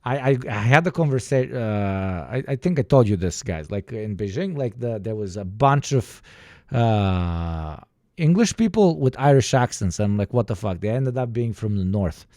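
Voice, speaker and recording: Profane rambling young man, mellow voice. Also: on the low side, lively intonation, moderate pace, no echo, clean studio sound. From Balkans. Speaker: livestreamer. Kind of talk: casual chat with viewers.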